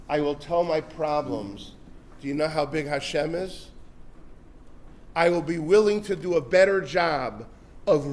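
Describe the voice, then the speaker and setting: A man, a rabbi, lecturing parents in a storytelling style, sprinkling religious terms into plain talk and swinging between loud urgent peaks and soft asides. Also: a little high, slight background noise. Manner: animated, builds to loud urgent peaks then drops soft. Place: synagogue hall before an audience.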